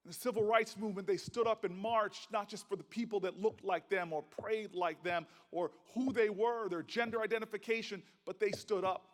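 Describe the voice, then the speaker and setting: A man's voice: high voice, fairly even intonation, moderate pace, hardly any pauses. Rousing man orating in a reverberant hall. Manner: rousing, rhythmic repetition, folksy storytelling. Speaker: senator giving a keynote. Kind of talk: impassioned political speech. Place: large conference hall. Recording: long reverb of a large hall.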